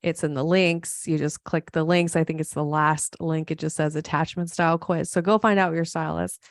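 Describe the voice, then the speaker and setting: With a low, brisk voice that barely moves in pitch and no room sound around it, this woman hosts a solo podcast. She's a clinical psychologist from Montana who lays out ideas in a friendly, earnest manner, poking fun at herself along the way.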